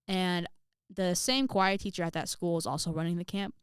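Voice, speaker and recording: A young adult woman telling a story on her vlog in a sassy, animated way, with exaggerated outbursts. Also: lowish voice, moderate pace, smooth, no room sound, clean studio sound. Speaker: vlogger.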